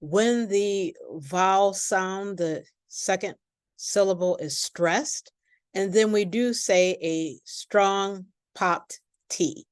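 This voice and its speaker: A woman with an American accent teaching pronunciation in a recorded lesson, speaking slowly and enunciating each word for listeners to repeat. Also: mid-range voice, smooth, no room sound, studio quality. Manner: slow, deliberate, carefully enunciated.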